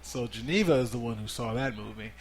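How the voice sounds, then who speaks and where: A middle-aged man hosting a relaxed family movie review podcast, easygoing and steering the talk with guiding questions. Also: medium pitch, fast, background noise. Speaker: podcast host interviewing his child.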